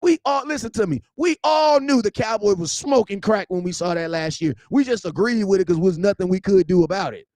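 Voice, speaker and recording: Man fronting a fan vlog, high voice, dry close sound, slangy and animated. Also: a little fast, hardly any pauses, dry recording. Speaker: sports vlog host. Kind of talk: casual unscripted rant.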